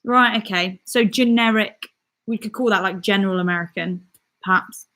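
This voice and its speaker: A woman's voice: medium pitch, normal speed, pushed and bright. Chatty young woman hosting a live stream. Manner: chatty, reads viewer comments aloud and answers them; often laughs and corrects herself mid-sentence. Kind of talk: casual live-stream chat.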